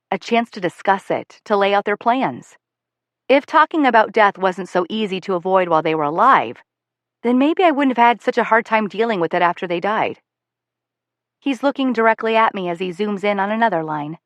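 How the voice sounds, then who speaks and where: A woman giving measured, soft-spoken first-person audiobook narration into a close studio mic. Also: mid-range voice, dry recording.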